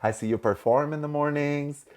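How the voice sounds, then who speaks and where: A man hosting a podcast in excited, casual chat, gushing and laughing often. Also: on the high side, normal speed. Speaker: podcast host.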